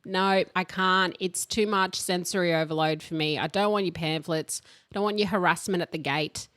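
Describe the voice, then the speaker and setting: A woman's voice: fairly low pitch, fairly even intonation, normal speed, fairly bright tone, dry recording. A young woman co-hosting a podcast in a chatty, playful way. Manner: chatty, playful, laughs often. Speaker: podcast co-host. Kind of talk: casual chat.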